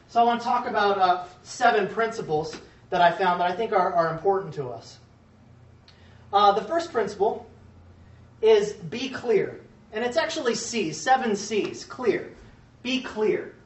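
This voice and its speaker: A man giving a conference talk to an audience in a casual, halting way with many fillers and restarts. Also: high voice, a little hiss or hum. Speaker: conference speaker. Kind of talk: presentation talk with jokes. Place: conference room before an audience. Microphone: far from the mic. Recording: echoey, muffled room recording from a distance.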